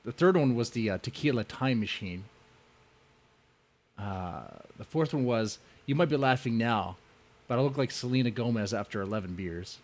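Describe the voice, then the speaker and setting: A man's voice: medium pitch, expressive, moderate pace, a little mellow. A man hosting a casual comedy podcast, who laughs often and stumbles over his words. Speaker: podcast host.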